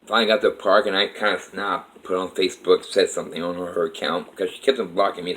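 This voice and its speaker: A man's voice: low-pitched, fairly bright tone, low-quality recording. A man telling a personal life story to camera in a rambling, emotional way, with frequent restarts.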